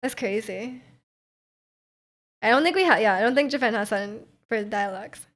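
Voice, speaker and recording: A young woman talks loosely to her stream chat, wandering through her thoughts with plenty of "like" and small laughs. Her voice sits a little higher than most. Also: moderate pace, fairly bright tone. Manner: rambling, heavy use of "like", frequent laughs. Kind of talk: casual chat with viewers.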